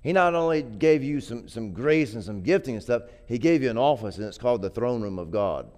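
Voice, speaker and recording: A man's voice: medium pitch, animated, a little fast, a little mellow. A man preaching a sermon in a conversational way, often repeating words and building to emphatic peaks. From grew up poor.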